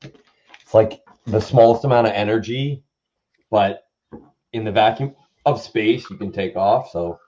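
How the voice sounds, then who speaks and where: A man's voice: fairly low pitch, a little slow, long pauses, warm tone, muffled recording. A man co-hosting a casual live stream, dry and offhand, coughing now and then. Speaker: co-host.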